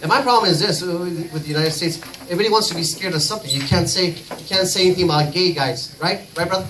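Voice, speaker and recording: A man on a comedy club stage does a loose, profane stand-up set, rambling from one crude tangent to the next. His voice sits a little high for a man. It comes across distant, picked up well away from the mic, with a clear layer of noise around it. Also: fast. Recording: distant mic, noisy live recording.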